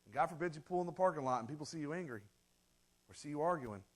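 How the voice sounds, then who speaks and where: A man delivering a church sermon in an easy, conversational manner, his voice sitting a little higher than most men's. He keeps acting out everyday voices, snapping between loud, bright bursts and low, quiet asides. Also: lively intonation, quick pace. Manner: conversational, acts out quoted voices, laughs at own jokes. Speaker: pastor.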